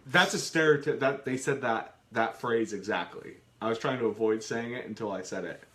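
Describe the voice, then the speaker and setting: This co-host speaks at a moderate pace with a medium pitch and fairly bright tone. Broadcasting a live home Q and A from his kitchen, he chats casually, cracking jokes and restarting sentences he's let trail off.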